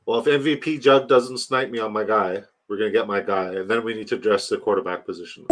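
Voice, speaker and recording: A man's voice: lowish voice, fairly even intonation, quick pace, few pauses, a bit bright. A man hosting a livestream, chatting loosely, swearing and talking straight to his chat. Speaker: livestream host. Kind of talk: casual chat.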